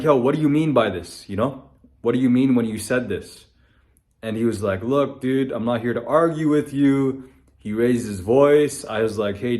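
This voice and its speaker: A young man from Canada, a construction business owner, candidly telling a personal story in casual, blunt speech full of fillers and reenacted dialogue. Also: mid-range voice. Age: young adult.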